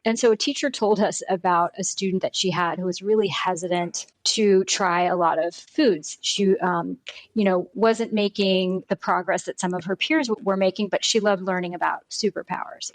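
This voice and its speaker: Middle-aged woman, podcast guest, earnest storyteller, mid pitch, dry close recording. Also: no echo, poor audio. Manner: warm storytelling, earnest, frequent "right?" and "you know". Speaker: guest, pediatric nutrition program founder. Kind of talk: conversational podcast interview.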